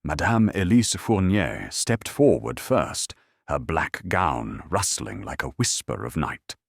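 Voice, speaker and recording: Deep-voiced male mystery narrator. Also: takes it slowly, creaky, no echo, clean studio sound. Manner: steady, descriptive storytelling. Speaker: audiobook narrator. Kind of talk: scripted narration.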